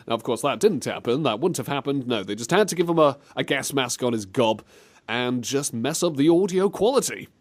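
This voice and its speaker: A man's voice: medium pitch, brisk. A man hosting a gaming comedy show, his voice bouncing all over the place as he jokes. He talks in a loose, teasing way, often slipping into silly voices. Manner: jokey, lively, breaks into silly voices. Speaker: podcast co-host. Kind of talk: comedic game-review chat.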